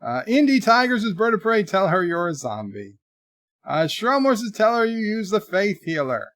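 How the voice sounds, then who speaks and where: Chatty male streamer in his forties, slightly high voice, reads out chat messages, dry close sound. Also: very animated, normal speed, fairly bright tone, no room sound. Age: 40s. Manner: chatty, reads viewer messages aloud in a lifted voice. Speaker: livestream host. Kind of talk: casual live commentary, reading viewer chats.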